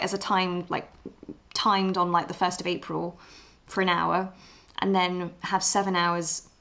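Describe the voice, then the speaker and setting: A woman's voice: lowish voice, a bit bright. A young English woman with an Essex-tinged accent, chatting casually at home while she draws on a live stream, rambling with fillers and restarts. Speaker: livestream art host. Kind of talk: casual chat while drawing.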